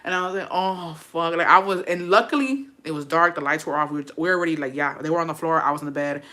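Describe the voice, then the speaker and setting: A young woman spills a personal story to her viewers in a bright, clear-toned voice. She is profane and chatty, with dramatic asides as she goes. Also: low voice, very fast. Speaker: vlogger telling a personal story. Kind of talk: casual storytelling.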